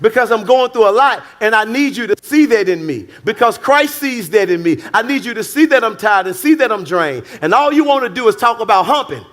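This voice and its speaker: A man's voice: expressive, brisk, hardly any pauses, a bit bright. A male preacher voicing a tired, drained wife pleading with her husband in a sermon. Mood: exasperated pleading. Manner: exasperated, pleading, rising in pitch.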